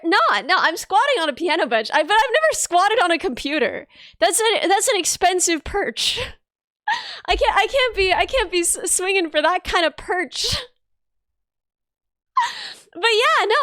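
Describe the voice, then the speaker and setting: A woman's voice: very high-pitched, fairly bright tone, no echo, clean studio sound. A woman streaming, chatting casually and playfully, jokingly dropping words like a caveman. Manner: playful, drops articles jokingly. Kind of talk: casual chat. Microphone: desk mic at computer.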